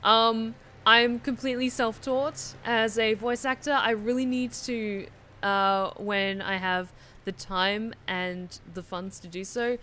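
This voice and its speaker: A woman's voice: fairly high pitch, steady tone, takes it slowly, pushed and bright, a little hiss or hum. A woman streaming a video game, chatting casually with her viewers and swearing freely as she plays. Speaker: streamer and hobby voice actor. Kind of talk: casual live-stream chat while gaming.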